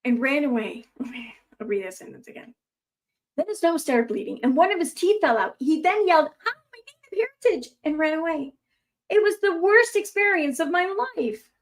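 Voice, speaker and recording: Young adult woman, a bit high-pitched, casual commentator. Reads posts aloud, breaks off into sarcastic, rambling asides. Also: lively intonation, normal speed.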